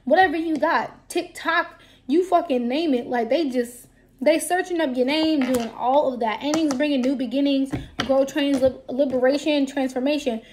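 A woman's voice: sits high, normal speed, a little hiss or hum. A woman giving a casual tarot card reading to her viewers, talking bluntly and with plenty of profanity. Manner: blunt, profane, lively talk.

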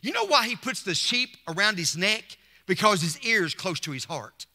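A man preaches with emphatic repetition and rousing call-outs. His voice is high and very bright, swinging widely in pitch. The sound rings with the long reverb of a church hall. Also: big pitch swings, normal speed. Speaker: pastor. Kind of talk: Mother's Day sermon. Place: church sanctuary.

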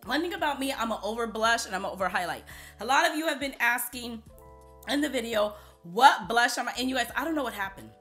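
Bright chatty woman beauty vlogger. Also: on the high side, animated, fast, faint music behind. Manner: chatty, playful, emphatic. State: scratchy voice. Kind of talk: casual chat to camera.

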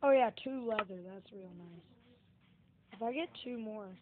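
A woman's voice: medium pitch, moderate pace, background noise. A female gamer joking and teasing a friend during a game. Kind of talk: casual let's-play chat. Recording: tinny phone-like line.

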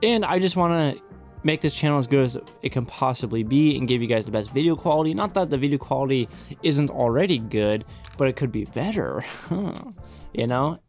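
A man's voice: mid-range voice, expressive, moderate pace, a little mellow. A young man talks casually to his viewers, rambling from one thought to the next and dropping sarcastic jokes and swear words. He sits close to a desk mic, and faint music plays underneath. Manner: rambling, joking, sarcastic asides. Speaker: reaction video host. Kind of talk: casual reaction commentary.

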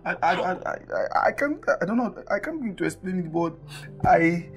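A man's voice: high voice, very animated, normal speed, slightly rough, faint music behind, exaggerated voice. An actor playing a distraught man who stammers and repeats himself as he begs his brother for help. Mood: panicked. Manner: stammering, repeating words in panic. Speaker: man who found a dead woman at home. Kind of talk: film drama acting.

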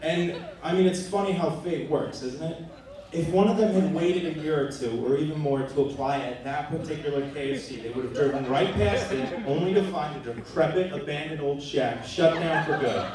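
A man's voice: a little high, normal speed, darkish tone. A man in his thirties giving a best man speech at a wedding reception, joking and then turning earnest and sentimental. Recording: echoey room from far off.

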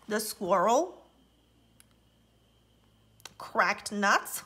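A woman reading a picture book aloud to young children, mimicking bird calls playfully and dropping into soft whispers. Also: medium pitch, drawn-out words, pauses often.

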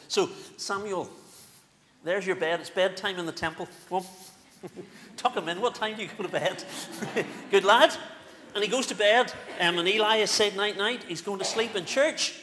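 A male minister with a Northern Irish accent, giving an animated, playful children's talk in a church service. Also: high voice, normal speed. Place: church sanctuary. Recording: echoey church with faint room noise.

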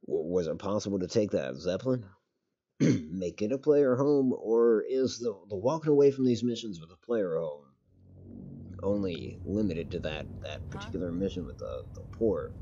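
A man's voice: fairly low pitch, animated, normal speed, breathy edge, dull audio. A man streaming a game, giving casual commentary, rambling, correcting himself and swearing casually. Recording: loud game gunfire behind voice. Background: game gunfire and artillery.

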